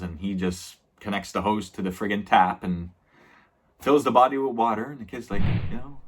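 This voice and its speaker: A man's voice: deep voice, brisk. A man casually recapping a TV episode as a reviewer, rambling with many fillers and small laughs.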